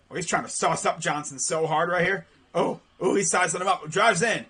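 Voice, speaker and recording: A young man doing live play-by-play reaction to a basketball game from home, slangy and excitable, yelling and groaning at missed shots. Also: sits high, moderate pace, slightly rough. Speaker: play-by-play streamer.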